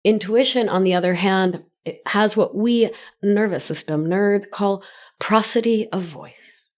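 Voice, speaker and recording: Slow, sing-song woman podcast host. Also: medium pitch, a little mellow. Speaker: podcast host and life coach. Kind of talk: solo wellness podcast teaching.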